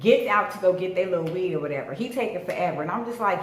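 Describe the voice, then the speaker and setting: A woman's voice: on the low side, quick pace, few pauses. Woman in her 30s ranting through a storytime, voice jumping all over, echoey room w/ faint hiss. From Southern California. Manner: animated, dramatic storytelling with lots of swearing and slang. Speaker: vlogger. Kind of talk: storytime vlog.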